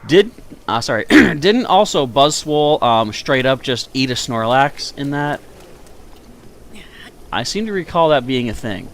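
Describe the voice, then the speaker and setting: A man's voice: medium pitch, animated, unhurried, fairly bright tone. A man giving casual, rambling commentary while live streaming a video game and chatting with viewers, sounding tired. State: tired, yawning.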